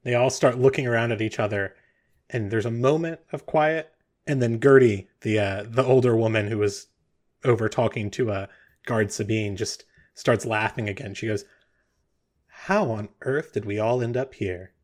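A man's voice: fairly low pitch, normal speed, darkish tone. A man narrating a tabletop game as game master, loose and rambling, with many fillers.

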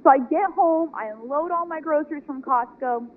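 A woman from California telling a personal faith testimony in a lively, earnest way, acting out the dialogue. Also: high-pitched, normal speed. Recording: tinny phone-like audio with faint noise.

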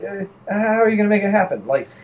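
A man's voice: high voice, very animated, quick pace, highs cut off. A man chatting casually, joking and riffing on silly scenarios. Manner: joking, riffs with put-on quoted voices and laughs. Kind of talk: casual podcast chat.

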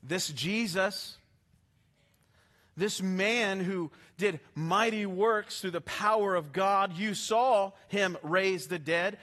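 A male pastor preaching a sermon with passion, swinging from hushed, slow lines to emphatic ones. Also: high voice.

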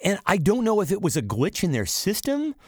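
Man, podcast co-host, lively swooping pitch, slightly high voice, dry close sound. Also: brisk, no echo. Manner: animated, acts out quotes in mock voices. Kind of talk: casual chat.

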